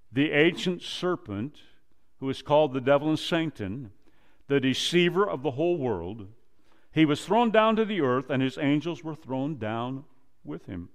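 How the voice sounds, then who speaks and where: A male pastor preaching a sermon, quoting scripture and acting out dialogue, swinging from loud emphasis down to a low hush. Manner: preaches slowly, rises loud then drops to a low hush; quotes scripture and acts out dialogue.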